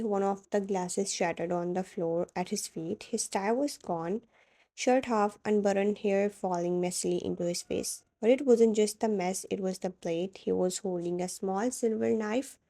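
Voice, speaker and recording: A woman reads a romance story aloud in a steady, dramatic way. Her voice is warm and mellow, with a medium pitch. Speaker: fan fiction narrator. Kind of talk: scripted narration of second-person fan fiction.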